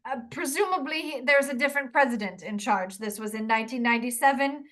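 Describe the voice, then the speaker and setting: Woman playing a dialect coach, gentle, lots of mm-hmms, slightly high voice. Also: brisk. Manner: gentle, affirming, lots of murmured agreement. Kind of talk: improvised comedy coaching.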